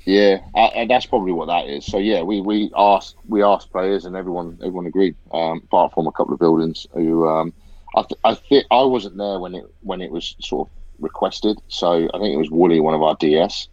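Low-voiced swearing man. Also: fairly quick, a little mellow, no room sound, dull audio. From Britain. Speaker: podcast host, ex-soldier event organiser. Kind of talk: casual chat, anecdote.

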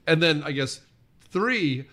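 A man co-hosting a casual movie-review chat, rambling with lots of fillers and quick laughs. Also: a little high, lively intonation, a bit bright. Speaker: podcast co-host.

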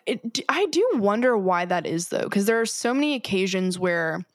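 A woman's voice: mid-range voice, lively intonation, moderate pace, no room sound, clean studio sound. A woman co-hosting a podcast, talking through a cartoon episode in a thoughtful, hedging way. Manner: thoughtful, hedging, with um and you know. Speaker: podcast co-host. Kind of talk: casual chat discussing a cartoon episode.

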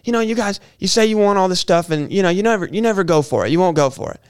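A man's voice: high voice, expressive, quick pace, clear, resonant tone, pitched above the performer's own voice. A young man imitating a smug, condescending male photographer who talks down to him. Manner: patronizing.

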